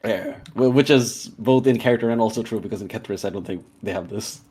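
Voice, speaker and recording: Low-voiced hesitant man at the game table. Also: brisk, darkish tone, slightly rough. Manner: hesitant, many fillers and restarts. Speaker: player. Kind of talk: tabletop role-play chat.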